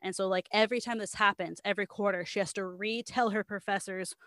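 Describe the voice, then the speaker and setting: A woman's voice: mid-range voice, fast, dry recording, clean studio sound. A woman in casual chat, retelling a story at length with lots of "like" and quoted voices. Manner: animated storytelling, quoting others, frequent "like".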